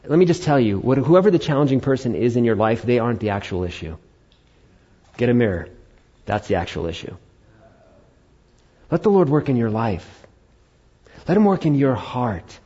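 A man preaching a sermon as a pastor, telling a personal story with animated acted-out asides. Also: mid-range voice, normal speed, pauses often, husky, dull audio.

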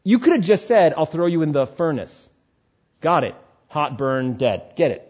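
A man preaching a sermon, switching between animated exhortation and quiet, soothing asides. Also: a little high, moderate pace, breathy edge, lo-fi sound. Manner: animated preaching, drops to quiet soothing tones when voicing tempters. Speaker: pastor.

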